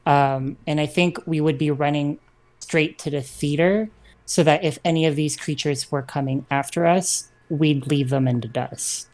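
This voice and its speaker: A woman's voice: sits low, steady tone, normal speed, darkish tone. A woman playing a tabletop game, explaining her party's plan casually with some restarts. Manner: explains plans, hesitant restarts. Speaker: player. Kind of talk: casual chat.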